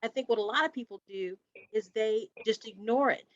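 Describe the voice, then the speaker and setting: A woman co-hosts a podcast in a casual, reflective conversation, repeating phrases for emphasis. Her voice sits on the high side and she talks a little fast. The recording is dry, with a dull lo-fi quality.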